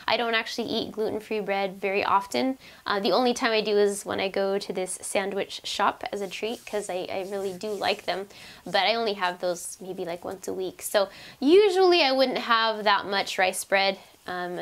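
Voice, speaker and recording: A woman's voice: medium pitch, poor audio. A young woman chatting casually to camera as a diet vlogger, with lots of fillers and restarts, and her voice is wearing out. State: losing her voice. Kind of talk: casual vlog talk to camera.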